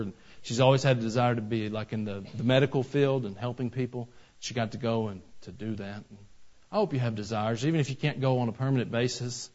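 A man preaching a sermon in a church, telling folksy stories and rising to loud, emphatic bursts. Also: medium pitch. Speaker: pastor. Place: church sanctuary. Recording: slightly dull lo-fi sound.

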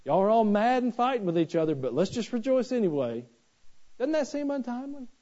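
Folksy preacher, mellow lo-fi. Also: male voice, extremely high pitch, sing-song, brisk. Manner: folksy, conversational preaching with humor. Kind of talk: sermon. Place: church sanctuary. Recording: dull lo-fi church recording.

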